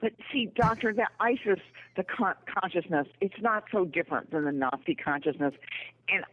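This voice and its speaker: A woman's voice: lowish voice, moderate pace. Earnest woman on a tinny phone line. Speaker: author and radio guest. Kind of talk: radio interview.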